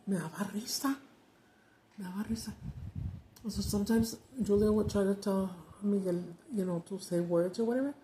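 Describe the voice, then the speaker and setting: Chatty woman, gravelly voice. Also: medium pitch, dark tone, a little hiss or hum, low-quality recording. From Mexican-American from the United States. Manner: chatty storyteller, switches between English and Spanish. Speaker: mukbang vlogger. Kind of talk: casual chat to camera.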